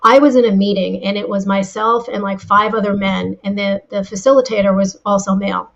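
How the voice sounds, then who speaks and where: A woman telling anecdotes and giving advice as a guest in a casual interview, with lively delivery and frequent restarts. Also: medium pitch, fairly quick, creaky, dull audio. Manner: animated storyteller, frequent restarts. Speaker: guest, former insurance seller.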